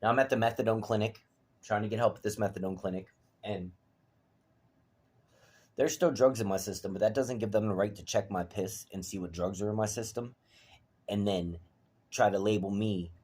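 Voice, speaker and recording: A man ranting to the camera, profane and heated, veering from low mutters to shouts. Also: fairly even intonation, fairly quick, slightly rough. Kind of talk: angry personal rant to camera.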